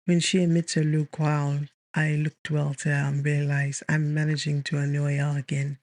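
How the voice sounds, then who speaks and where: A man who hosts and narrates a romance audiobook series in a calm, measured, gentle storytelling manner, recorded close on a studio mic. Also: on the high side, no room sound.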